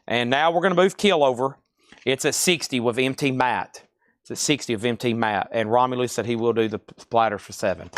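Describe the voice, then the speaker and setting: Man calling a fast live record auction. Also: mid-range voice, dry recording. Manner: rapid-fire listing of items and prices.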